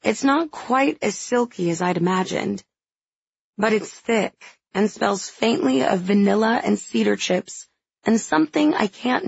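Female audiobook narrator, first-person fantasy, intimate and unhurried, with a husky, gravelly voice. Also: mid-range voice, a little mellow, no echo, highs cut off.

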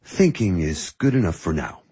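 A man voicing a patient, teasing music teacher in measured audiobook dialogue. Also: sits low, very animated, warm tone, husky, exaggerated voice. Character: calm, wry male music teacher. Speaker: music mentor.

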